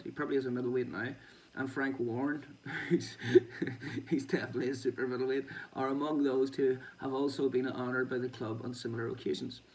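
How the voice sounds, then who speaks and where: A man with a gravelly, creaky voice reads boxing news aloud and riffs on it in a casual, profane way. He sits some distance back from the mic, so his voice sounds a little far off. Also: mid-range voice, darkish tone. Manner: swearing, chatty, laughing asides. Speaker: boxing show host.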